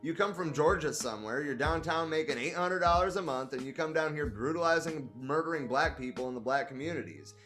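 A man's voice: a little high, fairly quick, few pauses, faint music behind, lightly acted. A man reading a defiant young activist leader. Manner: forceful, confrontational.

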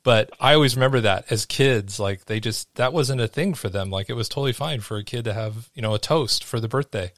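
Male podcast host, middle pitch, curious and talkative, dry studio sound. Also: a little fast, hardly any pauses, a bit bright, no room sound. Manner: curious, chatty, filler-heavy questions. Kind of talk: casual interview chat.

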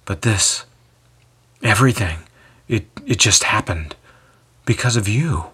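A man voicing a large male jailer in a storybook telling, speaking in hushed, halting, earnest tones. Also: on the low side, lively intonation, breathy edge, exaggerated voice.

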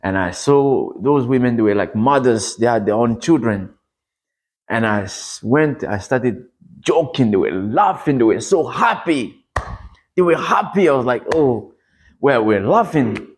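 Brief: preacher, male, husky voice, earnest testimony that climbs in pitch at dramatic moments. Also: lively intonation, a little slow. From Democratic Republic of Congo. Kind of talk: sermon testimony.

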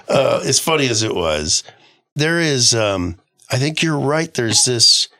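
A man's voice: fairly low pitch, pushed and bright, dry recording, studio quality. A middle-aged man in a casual podcast discussion, rambling through stories with frequent restarts.

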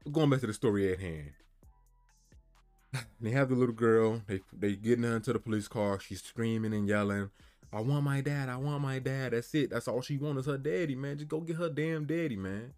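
A man's voice: mid-range voice, fairly quick, a little mellow, soft background music. A man retelling a story in casual, heated commentary, repeating himself and often asking "you feel me".

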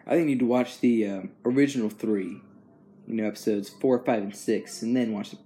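Mellow-voiced young man, easygoing. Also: on the low side, fairly even intonation, brisk. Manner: rambling, easygoing, chuckles often. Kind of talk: casual chat.

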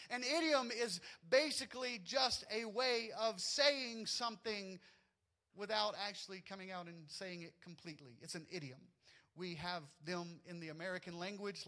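Southern preacher guy, high voice, cracks little jokes with the crowd mid sermon. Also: pushed and bright. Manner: folksy, joking asides with the congregation. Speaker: pastor.

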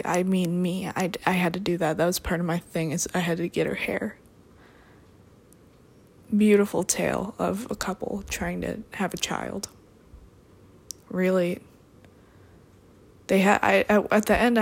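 A young adult woman talking alone in a rambling, deadpan way, drifting between topics with dry asides. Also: lowish voice, a little slow, pauses often, husky. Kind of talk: rambling solo monologue.

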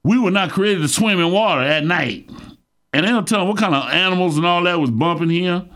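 A middle-aged man with a gravelly voice preaching a sermon, fervent and emphatic, calling out to his listeners. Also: high voice, brisk, fairly bright tone. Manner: fervent, emphatic preaching with call-outs to the congregation. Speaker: pastor.

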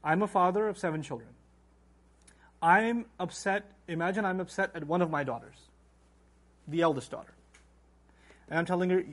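A middle-aged man giving a religious lecture, animated and acting out quoted voices. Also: sits high, moderate pace, pauses often, slightly rough. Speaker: Islamic lecturer.

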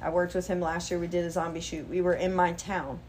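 A woman in her thirties, a guest model chatting casually, telling lively stories with swearing and acted-out quotes. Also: lowish voice, a little fast, a little hiss or hum. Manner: animated storyteller, swearing, acting out quotes. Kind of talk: casual chat.

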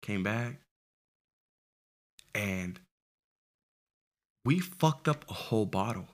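A man in his twenties telling a story in casual, profane chat, lively and laughing as he goes. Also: fairly low pitch, drawn-out words. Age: 20s. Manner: animated, profane, laughs while telling stories.

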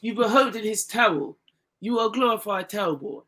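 A man co-hosting a casual podcast, animated and mocking, often talking over his partner. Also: high-pitched, fairly quick. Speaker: podcast co-host. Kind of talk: casual boxing chat.

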